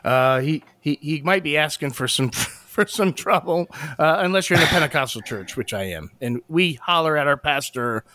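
A man's voice: fairly high pitch, pushed and bright, no room sound. A man co-hosting a podcast, debating casually with many restarts and frequent laughs. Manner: halting, many restarts and fillers, laughs often. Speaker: podcast co-host.

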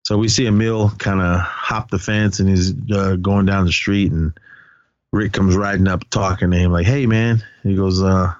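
On a dry recording with the high frequencies cut off, a male podcast co-host speaks in a low voice with little pitch movement. At a normal speed, he offers a casual recap of a film, retelling scenes packed with quoted lines and fillers.

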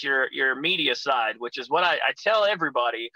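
A man's voice: medium pitch, animated, fairly quick, over a noisy crowd, rough recording. A young man chatting casually as a guest, crude and rambling, swearing freely as he tells stories. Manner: crude, profane, rambling storyteller. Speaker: guest, wrestling figure. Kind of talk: casual chat.

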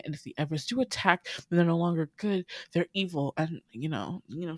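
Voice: mid-range voice, no room sound. Podcast host recapping a movie, swears a lot, laughs at the plot, dry close mic. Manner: animated storytelling, swearing, laughing. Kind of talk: casual chat.

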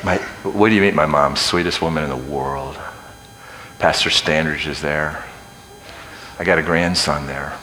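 Deep-voiced older preacher, loud to hushed. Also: male voice, fairly even intonation, a little slow, noisy background. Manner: swings from loud shouting to hushed near-whispers; folksy and joking. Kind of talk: sermon.

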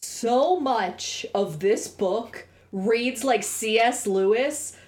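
A woman's voice: on the high side, extremely slow, a little mellow. A woman co-hosting a podcast in casual chat, wry and dry, explaining books with literary references. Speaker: podcast co-host.

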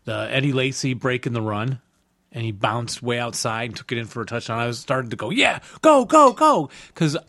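A man's voice: medium pitch, flat delivery, fairly quick, a bit bright, dry recording, clean studio sound. A man co-hosting a podcast, joking around and doing hammy announcer-style intros in casual banter. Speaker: podcast co-host.

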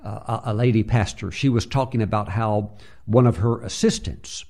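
A man's voice: fairly low pitch, fairly even intonation, moderate pace, creaky, a little mellow. A man preaching a sermon, telling a story with many filler uhs and acting out the voices he quotes.

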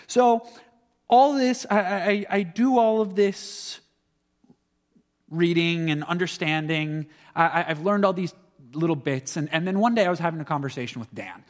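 A young adult male student shares a faith testimony in a fairly high voice with lively intonation and a moderate pace. Earnest and reflective, he often stumbles over his words, and the recording carries the long reverb of a hall.

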